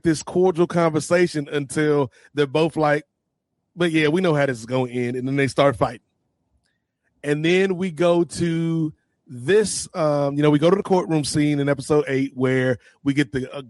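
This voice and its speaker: A man co-hosting a casual podcast review, excitedly retelling TV scenes and acting out the characters' lines. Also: a little high, dry recording. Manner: animated, acts out scenes in quoted voices. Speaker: podcast co-host.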